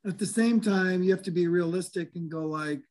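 A man chatting about high school football and horse racing, rambling with lots of fillers and restarts. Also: a little fast, darkish tone. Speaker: sports analyst guest. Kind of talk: casual sports talk.

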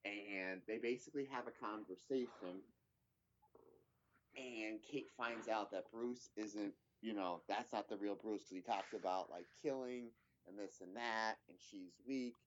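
A man's voice: on the low side, unhurried, highs cut off, slight background noise. A man in casual chat, recapping a TV episode in a rambling way with lots of fillers and restarts.

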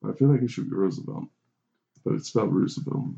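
A man's voice: on the low side, fast talker, gravelly, dark tone, dull audio. A man chatting casually about fights on a podcast, easygoing and joking along with the others.

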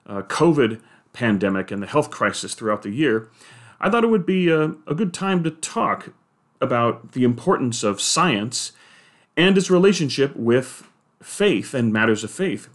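A man giving a measured, explanatory monologue on faith and science, with the odd hesitation. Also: medium pitch, very animated. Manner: measured, explanatory, with occasional filler "uh".

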